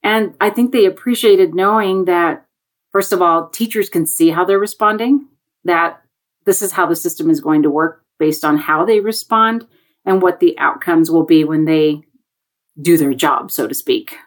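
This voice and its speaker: A woman's voice: lowish voice, normal speed. A woman on a remote video call, a guest telling a classroom story in a chatty way and acting out the voices of the people she quotes. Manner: animated, acts out quoted voices. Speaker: education guest on a panel. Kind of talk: conversational storytelling.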